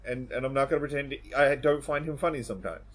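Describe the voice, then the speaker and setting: A man's voice: mid-range voice, fast. A man co-hosting a casual podcast, talking bluntly and swearing freely. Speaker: podcast co-host.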